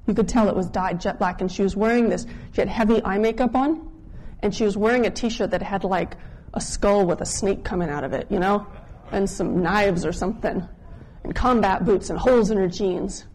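Mellow-voiced woman preaching a story. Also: medium pitch, normal speed, slight background noise. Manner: conversational, drops softer when quoting others. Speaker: pastor. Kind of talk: sermon storytelling.

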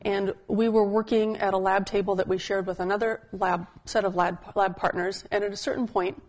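A woman giving a sermon as a pastor, telling stories in a conversational style and slowing down to stress key points. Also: mid-range voice, little pitch movement, darkish tone. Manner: conversational storytelling preaching, slowing for emphasis.

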